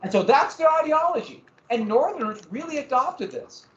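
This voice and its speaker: In a roomy, dull, lo-fi classroom recording, a man with a very high, animated voice gives a history lecture at a moderate pace. He keeps it conversational, tossing out rhetorical questions and correcting himself along the way.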